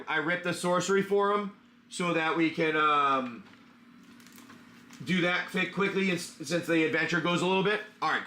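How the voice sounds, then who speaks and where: A man's voice: a little high, fairly bright tone. A man hosting a live card-opening stream, chatting casually and greeting viewers by name with plenty of "um" and "uh".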